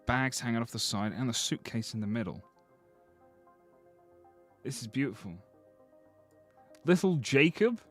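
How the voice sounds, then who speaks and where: Lively joking male streamer. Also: medium pitch, a little slow, long pauses, faint music behind. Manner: chatty, jokey, lively. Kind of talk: live stream commentary.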